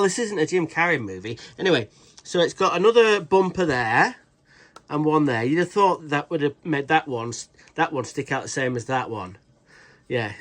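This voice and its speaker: A man's voice: fairly high pitch, pushed and bright. A British man reviewing a tool in a casual vlog, rambling and swearing freely with cheeky jokey asides. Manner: rambling, swears a lot, restarts sentences.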